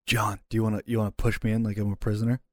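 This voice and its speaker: A man's voice: lowish voice, little pitch movement, very fast, a little mellow, no room sound, clean studio sound. A man playing a tabletop game, talking plainly and eagerly. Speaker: player. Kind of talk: casual tabletop game chat.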